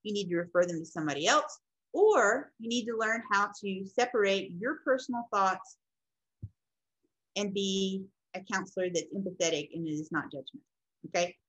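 A woman's voice: mid-range voice, fairly bright tone, breathy edge, low-quality recording. A middle-aged woman teaching counseling skills in a classroom lecture, acting out client and counselor examples as she explains. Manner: explains, then acts out client and counselor lines. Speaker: counseling instructor.

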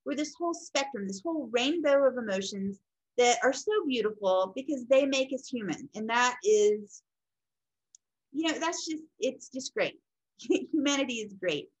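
Lady teaching a class, kinda high voice, rambly and chatty, lots of ums. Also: expressive, normal speed, rough recording. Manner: conversational, rambling with fillers and self-corrections. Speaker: instructor. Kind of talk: casual recorded lecture.

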